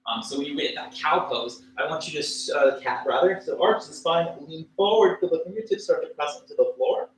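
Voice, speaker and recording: A man teaching a livestreamed yoga class, cueing poses and breaths in a relaxed, casual way with fillers and small jokes. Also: a little high, a little fast, few pauses. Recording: echoey room with faint ambient noise.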